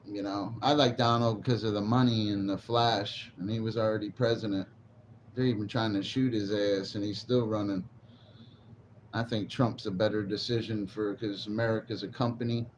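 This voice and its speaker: On a livestream, a man is stoned and zoned out, rambling and swearing casually as he answers his chat. His voice sits fairly low, with a steady tone and a moderate pace, and the manner is laid-back. The stream audio is dull and lo-fi, carrying faint noise.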